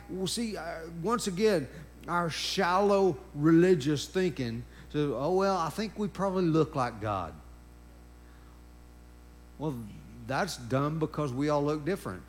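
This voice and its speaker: A man preaches a sermon at an unhurried, deliberate pace. His voice sits somewhat high for a man. He hammers on repeated phrases and punctuates his points with exclamations of praise. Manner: emphatic, drawn-out preaching with repeated phrases and interjections.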